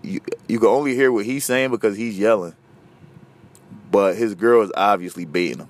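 A man hosting a podcast, ranting casually and profanely, veering from loud outbursts to low muttering. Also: normal speed. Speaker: podcast host. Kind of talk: casual solo rant.

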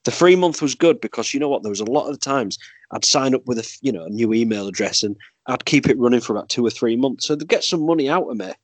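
A chatty Yorkshire man talks in loose, rambling stories, dropping swear words and laughing along the way. His voice sits at an ordinary middle pitch for a man. The sound is close and dry, with no room around it. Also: animated, fast talker, dry recording. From Yorkshire, England. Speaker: podcast guest and movie podcast host. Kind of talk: casual podcast chat.

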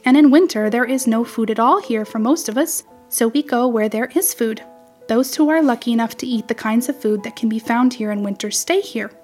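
A fussy, sharp-tongued little wren scolds and chatters in a storybook reading, as a woman puts her on. The voice sits fairly high and stays tart and quick to reprove. Faint music plays underneath. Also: close to an everyday voice. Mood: chattering.

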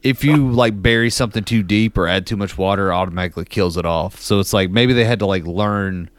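A man's voice: lowish voice, fairly quick. A man co-hosting a casual podcast chat, telling stories in a loose, rambling way full of fillers. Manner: rambling, filler-heavy storytelling with laughs. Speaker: podcast co-host.

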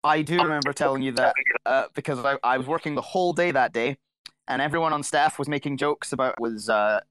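A man's voice: medium pitch, a little fast, a bit bright, slight background noise. A man, co-hosting a podcast in casual chat, rambling and correcting himself, laughing often. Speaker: podcast co-host.

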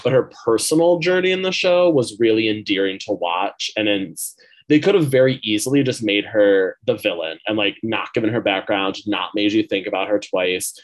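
A man with a somewhat low voice rambles through a casual podcast chat. He talks loosely, with plenty of fillers and the odd swear. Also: moderate pace. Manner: chatty, full of fillers, swearing. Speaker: podcast co-host.

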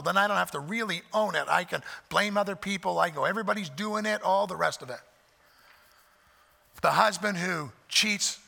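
A pastor preaching a sermon, earnest, repeating key phrases for emphasis. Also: male voice, high voice, vocal fry, bright, forceful tone, long reverb tail.

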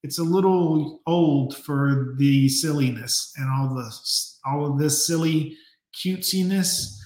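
Male reaction host, sarcastic and profane, slightly high voice, echoey room. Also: takes it slowly, a little mellow. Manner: sarcastic, swearing, mocking asides. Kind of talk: casual mocking commentary.

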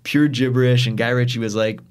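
A man's voice: mid-range voice, steady tone, fairly quick, smooth. A man talking casually about films on a podcast, enthusiastic and rambling, with many fillers. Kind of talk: casual film discussion.

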